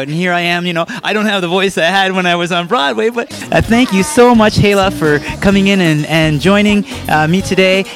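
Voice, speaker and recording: A man hosting a faith talk program, speaking earnestly and haltingly, repeating words as he finds them. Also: fairly high pitch, a bit bright. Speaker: host of a Christian program.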